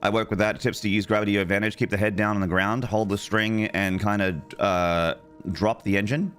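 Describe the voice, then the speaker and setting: While streaming, this man in his forties banters casually with his chat, joking crudely and yelling when excited. He speaks fairly quickly in a fairly low voice, with faint music behind him.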